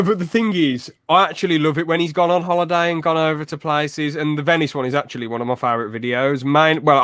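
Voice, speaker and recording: A young man hosting a podcast in casual chat, telling stories lively and acting out quotes. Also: a little high, dry recording, clean studio sound. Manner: lively storyteller who acts out loud quotes. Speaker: podcast host.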